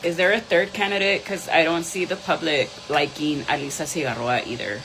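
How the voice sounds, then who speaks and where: A woman's voice: deep voice, fairly even intonation, a little fast, background noise. A woman doing a live tarot reading, blunt and profane, switching between English and Spanish. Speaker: tarot reader.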